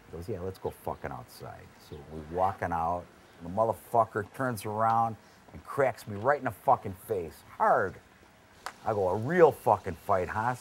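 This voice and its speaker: A man's voice: fairly low pitch, a little hiss or hum. A man, a floor trader, telling blunt, profane stories in a documentary interview.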